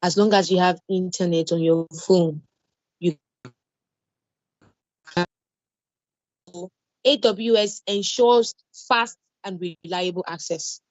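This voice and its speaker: A woman's voice: on the low side, steady tone, slow pace, long pauses, a little mellow, no echo. Woman, Nigerian English accent, online cloud lecture, repeats points, reassuring, dull dry lo-fi audio. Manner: repetitive, reassuring, explains with everyday examples. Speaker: cloud security instructor.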